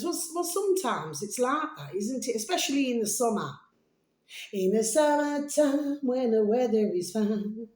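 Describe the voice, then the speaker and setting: A woman talks to camera in a rambling, casual way and keeps calling her viewers sweet pet names. Her throat sounds a little hoarse. The room around her has a noticeable echo. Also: fairly low pitch, darkish tone. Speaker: video blogger. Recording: roomy echo.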